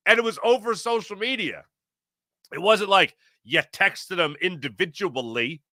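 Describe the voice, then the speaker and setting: A man hosts a sports podcast in a lively, opinionated monologue. His pitch jumps around a lot, and his tone is bright and forceful. The sound is dry and close, with no room around it. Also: normal speed, dry recording. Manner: animated, opinionated, acts out quoted voices. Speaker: podcast host. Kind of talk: casual sports talk monologue.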